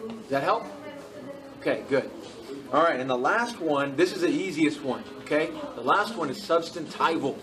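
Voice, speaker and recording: A man's voice: fairly high pitch, lively intonation, moderate pace, far from the mic, music in the background, poor audio. A man teaching Greek grammar to a class, patient and repeating key points as he checks in with students.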